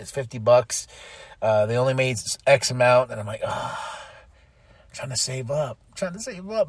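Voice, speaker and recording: A man hosting a podcast, giving an excitable, casual recap of a wrestling show and acting out the wrestlers' lines. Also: on the high side, no echo. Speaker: podcast host.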